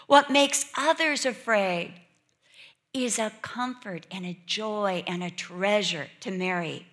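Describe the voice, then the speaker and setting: A woman preaching a sermon, telling a childhood story with lively acted-out voices. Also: on the high side, slow. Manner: animated, acts out quoted voices and childhood fears.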